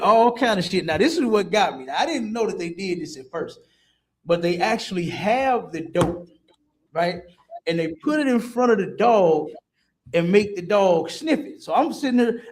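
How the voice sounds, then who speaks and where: Animated high-voiced man telling stories. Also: a little hiss or hum. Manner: animated storytelling with street slang. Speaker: podcast co-host. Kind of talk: casual chat.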